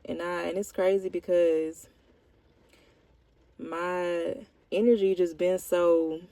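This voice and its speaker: A woman's voice: lowish voice, steady tone, slow, creaky, mellow, no echo, low-quality recording. A woman vlogger talking candidly about her life in a rambling, heartfelt way, with lots of "like" fillers. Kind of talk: candid personal vlog confession.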